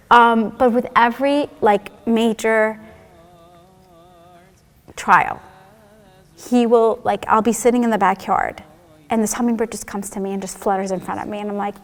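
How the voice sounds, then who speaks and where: A woman's voice: fairly high pitch, normal speed, long pauses. A woman giving a candid, heartfelt personal faith testimony in a conversational way, with many fillers such as "like" and "you know.". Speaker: church member sharing testimony. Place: church hall. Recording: long reverb of a large hall.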